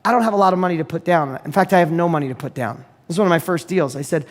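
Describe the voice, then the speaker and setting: A man's voice: on the high side, racing, hardly any pauses, in a large hall. A man giving a motivational business talk, telling a story in an emphatic way that repeats phrases for effect. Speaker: business speaker.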